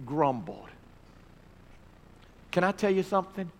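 A male pastor delivers a sermon in a slightly raised pitch. He swings between emphatic, swelling declarations and hushed, earnest appeals. The voice rings out with a long reverb, as in a church sanctuary. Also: lively intonation, measured pace. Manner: preaching with swelling emphasis, dropping to soft pleas. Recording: reverberant hall recording.

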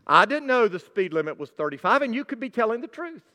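A man's voice: high-pitched, very animated, fast, pushed and bright, full character voice. A man voicing a naive, overly polite male driver who pleads and apologizes. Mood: pleading. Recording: long hall reverb.

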